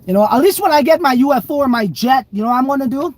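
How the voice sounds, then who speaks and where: A man's voice: very high-pitched, expressive, fast. A man hosting a casual livestream, reading viewer comments aloud and rambling loosely with frequent swearing and laughter. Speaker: crypto livestream host.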